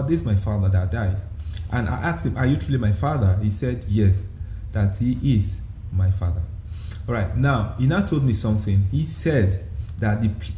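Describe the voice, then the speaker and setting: Man with a dark voice in an echoey room. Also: mid-range voice. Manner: repetitive, often saying "all right". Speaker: church leader sharing a dream. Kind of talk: direct-to-camera religious talk. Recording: echoey room with faint background noise.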